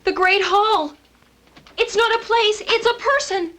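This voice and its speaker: A woman's voice: very high-pitched, unhurried, a bit bright. An anxious young woman. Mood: urgent. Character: anxious young woman who pieces together the clue. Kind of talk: 1980s TV movie acting.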